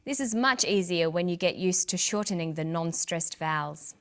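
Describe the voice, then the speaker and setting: A woman presenting an English lesson, reading example sentences and slowly stressing syllables for learners. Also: lowish voice, animated, fairly bright tone. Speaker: English language teacher. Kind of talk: scripted teaching narration.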